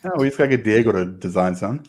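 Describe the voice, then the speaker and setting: Man, slightly low voice, podcast co-host, casual chat, easygoing, agreeable. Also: animated, darkish tone. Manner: easygoing, agreeable, quick back-and-forth.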